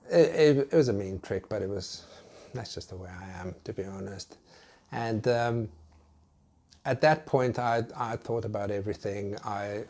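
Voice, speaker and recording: A British man recounts a personal story for a home video, in a casual and hesitant way. His voice sits slightly low, and he often trips over and repeats words before finding the thread. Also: darkish tone. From United Kingdom. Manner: hesitant, halting, with many restarts. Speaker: vlogger.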